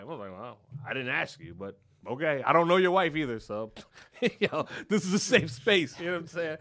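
With a medium-pitched voice at normal speed, a Philadelphia podcast host recounts a profane story casually. He's animated throughout, acting out the story's characters.

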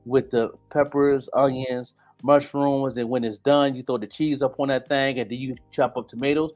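Chatting as a podcast guest, this Buffalo, New York man talks in his local accent, full of repeated restarts and relaxed slang. He keeps a medium pitch, a steady tone, and normal speed, and the lo-fi recording sounds dull, with faint music underneath.

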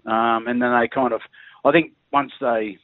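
A man's voice: medium pitch, steady tone, normal speed, dry recording. A middle-aged man with an Australian accent, a former rugby league player, telling rambling stories as a guest and laughing through them while he talks. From Queensland, Australia. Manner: chatty, laughs through his stories, restarts often. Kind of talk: rambling anecdotal chat. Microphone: phone line. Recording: tinny phone line.

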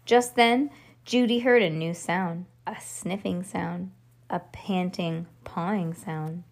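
A woman reading a children's book aloud, animated and stopping now and then to correct herself. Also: fairly low pitch, slow, gravelly. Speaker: reader.

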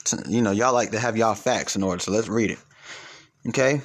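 A man giving a preachy monologue to his viewers, emphatic, swinging between loud and low. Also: brisk.

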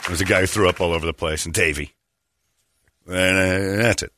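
A male podcast host with a low voice tells rambling comedic stories, laughing often and tossing in asides. He talks a little fast with fairly even intonation, over crowd noise and a noisy background, in a casual storytelling style.

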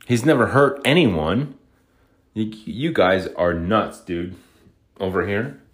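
A man's voice: on the low side, animated, slow. A man from Utah ranting alone on a podcast, frustrated and profane, rambling and repeating himself. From Utah, USA. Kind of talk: solo rant.

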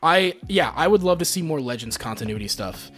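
A man co-hosting a podcast in casual chat, excitable and swearing freely, often restarting his sentences. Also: a little high, fairly quick. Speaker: podcast co-host.

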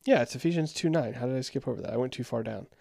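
A man's voice: medium pitch, rapid-fire, gravelly, warm tone, dry recording, studio quality. A man giving casual, critical commentary on a sermon, thinking aloud and reading passages. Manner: critical, wry, thinks aloud, reads scripture aloud. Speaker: sermon reviewer.

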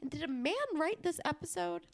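A young woman co-hosting a casual podcast, animated and sweary as she reacts to a TV episode. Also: very high-pitched, brisk, creaky. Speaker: podcast co-host. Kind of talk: casual recap chat.

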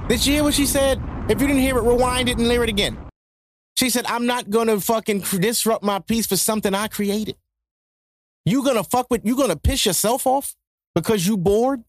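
A man hosts a podcast, talking in a high-pitched voice. He rants in a profane, joking style. The sound is dry and close, with no room echo. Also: fairly quick. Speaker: podcast host. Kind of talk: casual monologue.

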